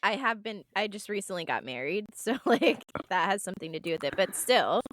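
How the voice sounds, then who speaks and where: A woman's voice: mid-range voice, fairly quick, no echo. A young woman co-hosting a casual podcast, telling stories and laughing often. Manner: laughs often, animated storytelling. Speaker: podcast co-host. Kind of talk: casual chat.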